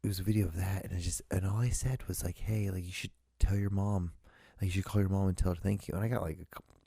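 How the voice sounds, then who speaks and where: A man's voice: deep voice, fairly even intonation, quick pace, mellow, breathy edge, dry recording, studio quality. A young man hosting a solo podcast, rambling casually and swearing a lot between fillers. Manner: rambling and profane, full of fillers. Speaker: podcast host.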